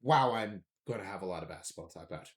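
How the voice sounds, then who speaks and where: A man's voice: low-pitched, animated, rapid-fire. A young man co-hosting a casual sports podcast, rambling and joking about his own pronunciation. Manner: chatty, rambling, self-deprecating about pronunciation. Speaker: podcast co-host.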